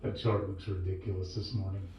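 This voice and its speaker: A male co-host giving brief, unhurried replies over a remote call. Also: sits low, fairly even intonation, vocal fry, a little hiss or hum. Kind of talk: casual chat. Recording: dull echoey remote call audio.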